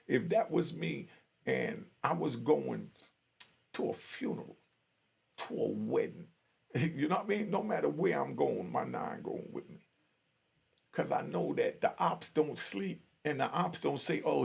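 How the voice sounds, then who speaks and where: Gravelly blunt streetwise man. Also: medium pitch. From Jamaica. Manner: blunt, streetwise, preachy warnings. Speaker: vlogger. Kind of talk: street commentary vlog. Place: outdoors on a street.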